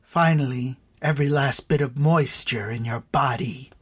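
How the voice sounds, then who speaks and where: A narrator playing a stern, heartless mother who speaks coldly and crisply in an audiobook. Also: medium pitch, normal speed, lightly acted. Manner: stern, icy, clipped. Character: cold, cruel mother in gray robes.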